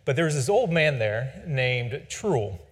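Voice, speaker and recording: A man's voice: medium pitch, big pitch swings, a little slow, breathy edge. A man in his forties telling a rambling personal story with self-deprecating humor. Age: 40s. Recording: long reverb.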